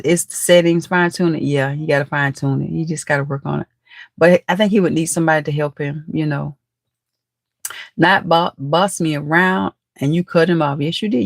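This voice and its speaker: A woman's voice: on the low side, no room sound, studio quality. A woman hosting a live stream and chatting with viewers, teasing and laughing often, with speech. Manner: chatty, teasing, calls viewers nephew and baby. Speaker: livestream host. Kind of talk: casual live chat reading comments.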